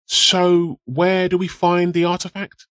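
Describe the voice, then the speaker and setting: A man's voice: high voice, monotone, takes it slowly, a bit bright, clear, resonant tone, dry recording. A man playing an earnest quest leader. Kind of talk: amateur radio comedy sketch.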